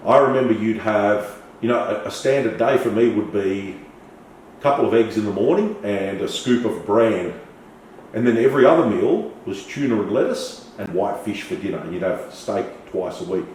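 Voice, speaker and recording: A middle-aged man telling lively stories as a podcast guest. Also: fairly low pitch, moderate pace, heavy reverb, recorded from a distance, a little hiss or hum, rough recording. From Australia. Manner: animated, swearing, storytelling with acted quotes. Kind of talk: casual storytelling interview.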